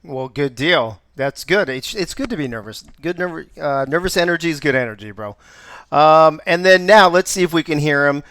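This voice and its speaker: A man's voice: a little high, animated, normal speed, a bit bright, no echo. Upbeat joking male show host. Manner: upbeat, joking, laughs often. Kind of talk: live show hosting.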